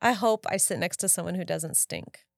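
A woman in her thirties co-hosts a relaxed podcast chat, telling stories and playing out her own lines as she goes. Her voice sits on the low side for a woman, and it is recorded dry and close with no room sound. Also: normal speed, gravelly, dry recording. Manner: chatty storyteller, quotes herself, laughs often. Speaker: podcast co-host. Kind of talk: casual chat.

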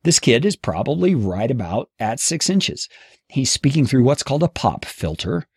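Expressive male course instructor, husky and gravelly, close dry studio sound. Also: mid-range voice, normal speed, dry recording. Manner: expressive, animated delivery. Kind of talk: instructional podcast teaching. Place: home studio, seated at a table. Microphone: studio mic on boom arm, close.

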